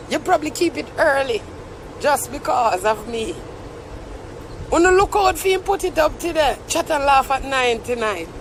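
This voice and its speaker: A man's voice: very high voice, a bit bright, a little hiss or hum. A young Jamaican man ranting on a live stream, mock-tearful and theatrical. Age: young adult. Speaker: social media commentator.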